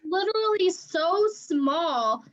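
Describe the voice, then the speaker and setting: High-pitched chatty woman on dull audio. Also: animated, takes it slowly, a bit bright, slight background noise. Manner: chatty, retells scenes animatedly. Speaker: podcast co-host. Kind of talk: casual movie chat.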